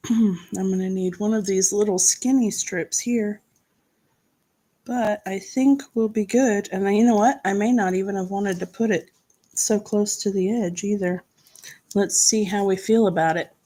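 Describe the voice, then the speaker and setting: A woman's voice: medium pitch, steady tone, a little slow, mellow. A woman hosting a crafting live stream, chatting casually, reading viewer comments aloud and laughing easily as she works.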